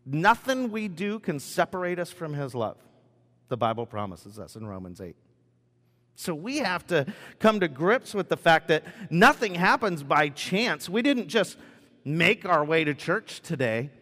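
A man's voice: on the high side, very animated, unhurried, a bit bright. A middle-aged man preaching a conversational sermon with humor and frequent restarts. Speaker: pastor. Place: church sanctuary. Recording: long reverb of a church hall.

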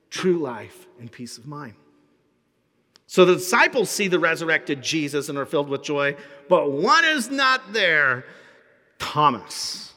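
A man pastor preaching a sermon in an animated, humorous storytelling way. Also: fairly high pitch, in a large hall.

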